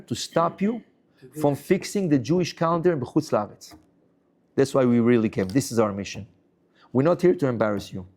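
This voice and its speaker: A man, a rabbi, teaching a Talmud class as a lively story, acting out the dialogue and restating each point for his students. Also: a little high. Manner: acts out the dialogue of the story, exclaiming and questioning.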